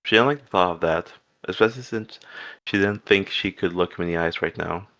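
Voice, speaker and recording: Low-voiced man reading fan fiction. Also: brisk. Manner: steady reading with occasional restarts. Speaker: fanfic reader.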